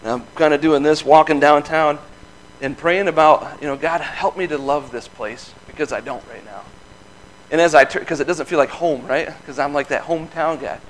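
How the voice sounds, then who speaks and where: A man in his thirties shares a personal testimony like a casual sermon. He talks in a folksy, earnest way and breaks into easy laughs, with his voice sitting a little higher than most men's. A faint hum runs under the recording. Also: moderate pace, poor audio. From Michigan. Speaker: lay speaker giving testimony.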